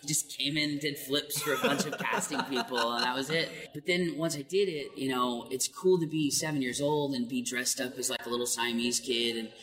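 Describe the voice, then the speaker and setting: Speaking fairly quickly with hardly any pauses, a male voice actor shares animated stories in a relaxed interview and laughs a lot. The mic is distant, and the echoey hall carries faint noise.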